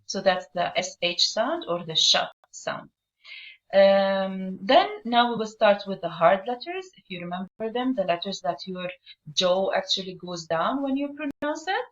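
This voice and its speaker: A woman teaching an Arabic pronunciation lesson, patient and deliberate as she models words, with frequent fillers and pauses. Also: medium pitch, animated. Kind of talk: online language lesson. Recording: dull, lo-fi recording.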